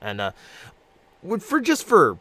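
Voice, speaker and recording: A man hosting a casual chat, relaxed and a little hesitant, with many fillers. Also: sits high, measured pace. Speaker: host.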